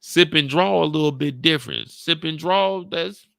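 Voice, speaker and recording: A man's voice: a little high, normal speed, vocal fry, a bit bright, no room sound. A man hosting his show, chatting loosely in slang and repeating his points. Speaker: YouTube show host. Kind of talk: casual recap chat.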